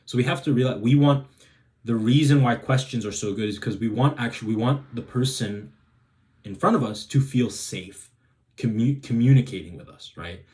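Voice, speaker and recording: In a casual advice monologue for a self-help video, a man rambles, restarts sentences and checks in with "right?". He speaks at normal speed in a mid-range voice with a darkish tone.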